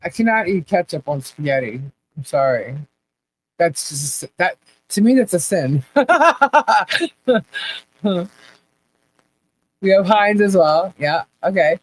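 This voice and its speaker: A woman's voice: lowish voice, lively intonation, takes it slowly, pauses often, poor audio. A woman hosting a casual live chat, laughing often and asking puzzled questions as she reads viewer comments. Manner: laughs often, baffled questions, repeats herself.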